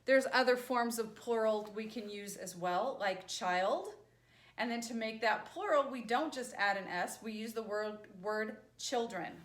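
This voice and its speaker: A woman's voice: on the high side, unhurried. A woman teacher explaining grammar in a patient lecture, often checking in with "right?". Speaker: sign language teacher. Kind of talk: classroom lecture. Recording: echoey room.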